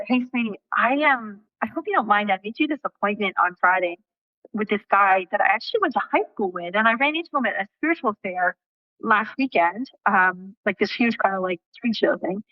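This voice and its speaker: Woman, interview guest, animated storytelling, acts out quotes, casual swearing, dry dull sound. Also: medium pitch, no room sound.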